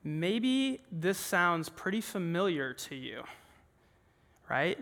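A young man preaches in a high, bright voice, talking to the room in an earnest, conversational way. His voice rings out with a long reverb from the large hall around him. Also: sing-song, slow. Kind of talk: sermon. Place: large worship room with an audience.

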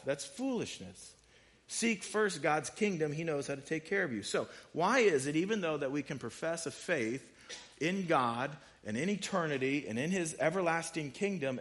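A man's voice: on the high side, fairly bright tone. A man preaching a sermon, talking casually and reading scripture aloud with rising emphasis. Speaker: pastor.

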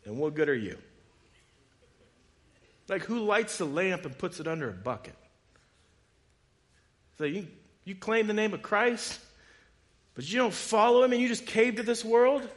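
Guy preaching a sermon, goes soft then loud and fired up, lots of ups and downs in his voice. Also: mid-range voice. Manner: builds from quiet to loud, impassioned preaching; conversational asides, rhetorical questions. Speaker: pastor.

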